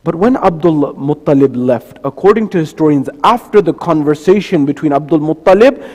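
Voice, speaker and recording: A high-pitched male preacher giving a storytelling sermon, recorded in a reverberant mosque hall. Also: lively intonation, normal speed, a little mellow. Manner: storytelling with repeated phrases and lists.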